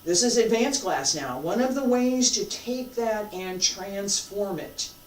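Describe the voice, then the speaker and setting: A martial arts instructor teaching a live class, emphatic and repetitive, swinging between loud and hushed. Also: medium pitch, lively intonation, a little slow, slight background noise. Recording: roomy sound from a distant mic.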